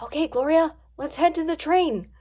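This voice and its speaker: A woman's voice: sits high, moderate pace, warm tone, close to an everyday voice. A woman voicing a bold, eager male lion in a storybook reading, speaking in an upbeat, confident way.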